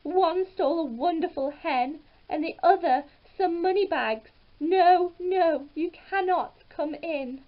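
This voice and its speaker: A woman voicing a stern, middle-aged ogre's wife who refuses and scolds in sharp, high cries in a storybook reading. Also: slow pace, hardly any pauses, lo-fi sound. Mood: refusing.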